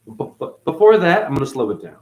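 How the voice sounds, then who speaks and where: A man hosting a rambling esoteric monologue, jumping between wordplay and sudden loud and soft swings, calling his listeners honey. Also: on the high side, sing-song, quick pace. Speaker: channel host.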